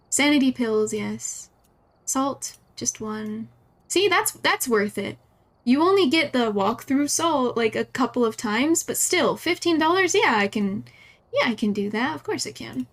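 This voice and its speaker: Giggly high-voiced woman streamer. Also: animated, measured pace. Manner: giggly, chatty, talks to herself. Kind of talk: live gameplay commentary.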